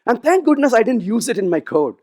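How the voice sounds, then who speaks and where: Delivering a conference keynote, a man with a very high voice speaks briskly. He brings his stories to life by acting out their dialogue with plenty of animation.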